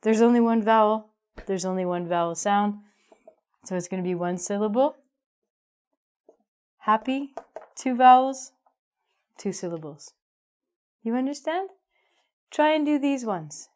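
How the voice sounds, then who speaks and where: A woman teaching an English grammar lesson, upbeat and emphatic, slowing down to stress key words. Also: medium pitch, clean tone.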